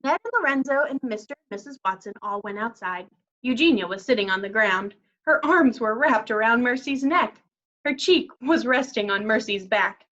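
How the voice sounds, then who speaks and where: A woman teacher reading a children's story aloud in a clear, expressive way. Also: on the high side. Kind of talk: children's read-aloud narration. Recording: dull lo-fi recording.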